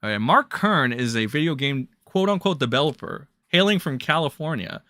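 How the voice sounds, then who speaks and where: A man's voice: a little high, animated, normal speed, no echo, clean studio sound. A young man ranting bluntly and crudely as a drama commentary streamer on a livestream. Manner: blunt, crude, ranting with sudden loud jumps.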